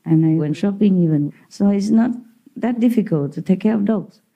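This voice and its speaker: Dark-voiced woman teacher, laughing often. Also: medium pitch, moderate pace, slightly rough. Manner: anecdotal, laughs often, simple non-native English. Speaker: spiritual teacher. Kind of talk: informal talk to disciples.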